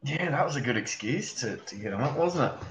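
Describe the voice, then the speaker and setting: A man's voice: mid-range voice, expressive, brisk, fairly bright tone, slight background noise. An Australian man, a podcast guest, chatting casually, laughing often and restarting his sentences. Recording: echoey, dull lo-fi call audio.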